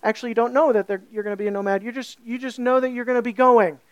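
A woman preaching a sermon, animated, asking her listeners questions and stretching key words slowly for emphasis. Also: fairly high pitch, no room sound, highs cut off.

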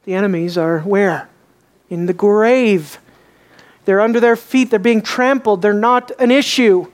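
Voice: medium pitch, a little slow. A preacher giving an expository sermon in a conversational way, asking the audience many rhetorical questions and repeating phrases for emphasis.

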